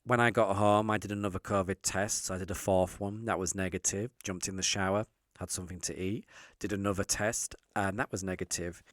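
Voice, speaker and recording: A man telling a story as an interview guest, lively and acting out the dialogue he quotes. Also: sits low, fairly quick, no room sound, studio quality. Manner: animated, acts out quoted dialogue.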